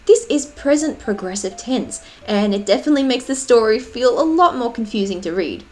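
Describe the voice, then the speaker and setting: Animated woman explaining grammar. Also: on the high side, fairly quick. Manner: reads example sentences aloud with expression. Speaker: writing tutor. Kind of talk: tutorial narration.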